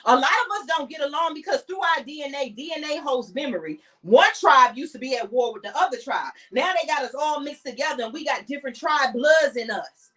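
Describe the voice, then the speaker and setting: A woman with an African American English accent rants bluntly and heatedly, cursing freely as she hosts her podcast. Her voice sits high, and she talks from a little way off the microphone, so the sound is slightly distant. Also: expressive, brisk, hardly any pauses, a bit bright. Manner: blunt, heated, profane ranting. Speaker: podcast host. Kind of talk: impassioned monologue.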